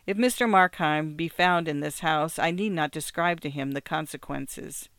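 A man's voice: a little high, moderate pace, clear, resonant tone, no echo. A man doing a suave, polite devil. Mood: smooth, polite. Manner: pleasant, calm, courteous.

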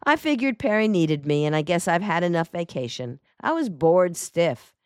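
A woman voicing a sardonic, stooped male detective with a slow, dry drawl, in an audiobook. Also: on the low side, very animated, darkish tone, dry recording.

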